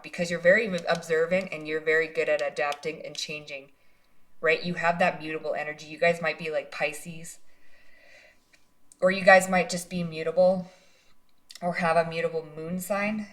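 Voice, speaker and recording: A woman's voice: low voice, steady tone, normal speed, a bit bright. A woman giving a casual pick-a-card tarot reading, speaking straight to the viewer in an encouraging way and tagging her points with "right?" and "like". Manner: casual, chatty, often tags lines with "right?" and "like". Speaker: psychic tarot card reader.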